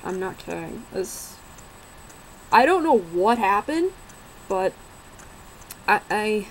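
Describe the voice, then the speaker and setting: Rambling through a personal story in a relaxed, unhurried way, a young woman swears occasionally and laughs while she talks. She has a mid-range voice with big pitch swings, captured on poor audio with slight hiss or hum.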